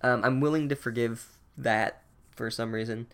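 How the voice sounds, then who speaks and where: A man recapping a book chapter with deadpan sarcasm and profane asides. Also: mid-range voice, moderate pace, smooth.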